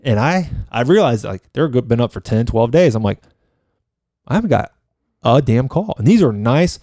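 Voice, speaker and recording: Fast-talking, fired-up man. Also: mid-range voice, warm tone, dry recording, clean studio sound. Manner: fast, heated storytelling with frequent swearing. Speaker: real estate agent. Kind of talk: casual podcast chat.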